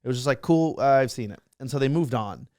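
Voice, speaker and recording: Fast-talking young man telling stories. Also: mid-range voice, no echo, studio quality. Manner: fast, excitable, full of fillers and restarts. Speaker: guest, social media creator. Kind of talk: casual interview storytelling.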